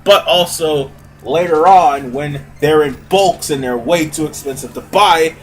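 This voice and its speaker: A man's voice: a little high, a little slow. A man giving casual, rambling let's-play commentary as host of a gaming video, often correcting himself. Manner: chatty, rambling, self-correcting.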